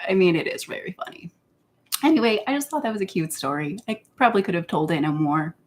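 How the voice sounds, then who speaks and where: A woman vlogger talking in a casual, meandering way, giggling often between phrases. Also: mid-range voice. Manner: meandering, with many fillers and restarts. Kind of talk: casual rambling monologue.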